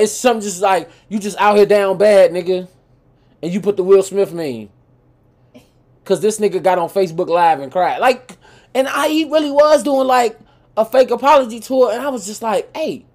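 A man co-hosting a podcast, telling animated stories in casual chat with plenty of profanity. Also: high-pitched. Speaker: podcast co-host.

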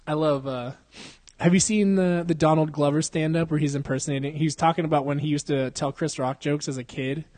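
A man's voice: a little high, fairly even intonation, fairly quick, a little mellow, dry recording. A young man co-hosting a podcast in casual, profane, slangy chat, laughing often. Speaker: podcast co-host.

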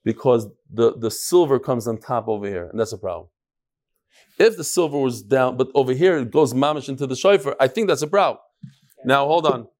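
A man teaching a Talmud class live, lively and joking, with Hebrew and Yiddish terms all through his talk. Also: medium pitch, a little fast. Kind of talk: daf lesson to a live class.

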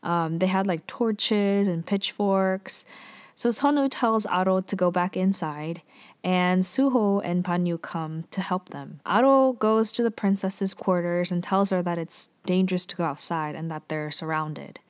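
A woman's voice: fairly low pitch, unhurried. A woman casually recapping a drama episode, chatty and loose, full of fillers and playful asides.

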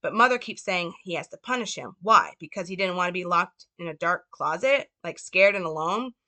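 Woman breaking down a movie, bright voice, earnest, lots of like and you know. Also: on the low side, animated, normal speed. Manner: earnest, lots of fillers and self-corrections. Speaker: film commentator. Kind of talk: casual film analysis.

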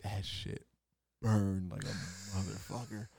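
A man's voice: fairly low pitch, slow pace, vocal fry, slightly rough, dry recording, studio quality. A young man in casual chat, telling a story with lots of laughter and swearing. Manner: animated storyteller, laughs a lot, swears freely.

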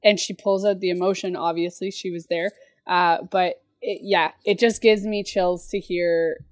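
A woman's voice: lowish voice, fairly even intonation, moderate pace, no echo. Hesitant woman co-host on a dry mic. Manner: hesitant, searching for words, many restarts. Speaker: podcast co-host. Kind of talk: casual podcast chat.

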